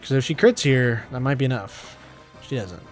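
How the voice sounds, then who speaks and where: A man's voice: medium pitch, normal speed. A man casually commenting on his own gameplay, thinking aloud in a chatty, self-deprecating way. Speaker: video game let's-player. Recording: faint background game music.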